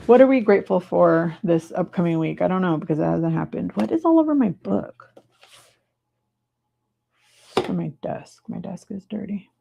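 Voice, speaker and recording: A woman hosting a live stream from her desk, chatting casually and breaking into high excited cheers, on a clip-on mic. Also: moderate pace, creaky, pauses often, lo-fi sound. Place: home desk. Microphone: clip-on mic in her shirt.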